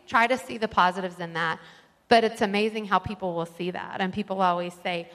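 A woman of average pitch talks earnestly to a church group, circling her point with fillers and restarts. Her voice rings out with a long reverb tail from the big hall around her. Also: fairly quick, a bit bright. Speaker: group member sharing a testimony. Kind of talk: heartfelt personal sharing.

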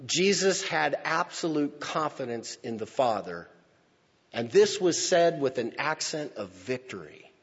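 A male pastor preaching a sermon, slow and emphatic, swinging from loud declarations to hushed near-whispers. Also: a little high, big pitch swings, husky. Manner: slow, emphatic phrasing with pauses. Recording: lo-fi with long hall reverb.

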